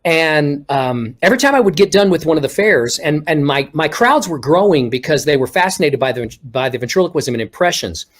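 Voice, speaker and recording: A man with a somewhat high voice talks over a video call. He tells his stories in an animated way and acts out what people said along the way. He grew up in Texas but has no regional accent. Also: a little fast, few pauses. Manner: animated storyteller acting out quoted remarks. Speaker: guest, ventriloquist. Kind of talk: casual storytelling interview.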